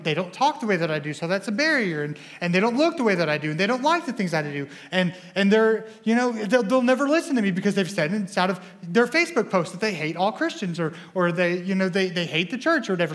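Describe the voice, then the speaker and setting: A young student pastor preaches a sermon in church, energetic and excitable, often stumbling over and repeating words. His voice is high and fast, with hardly any pauses.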